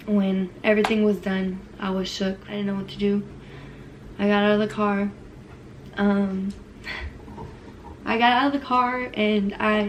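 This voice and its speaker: A young woman vlogging casually, telling a personal story in a hesitant way with many fillers, growing quieter as she goes. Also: medium pitch, a little hiss or hum.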